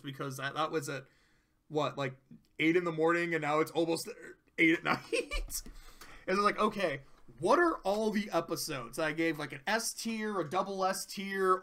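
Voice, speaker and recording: A man's voice: on the high side, sharp tone. A man giving a casual, rambling and profane review of cartoon episodes, often breaking into laughter. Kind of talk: casual commentary.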